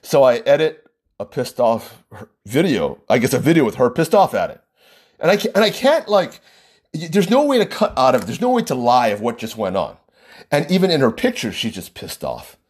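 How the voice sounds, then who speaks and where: Husky animated male storyteller. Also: mid-range voice, brisk. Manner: animated, laughs between lines. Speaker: wedding planner and videographer. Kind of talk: casual anecdote storytelling.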